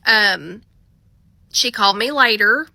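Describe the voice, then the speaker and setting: Bright, chatty woman telling a dispatch story. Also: medium pitch, gravelly, no room sound. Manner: chatty, drawn-out, wry. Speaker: 911 dispatcher. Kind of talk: casual storytime vlog.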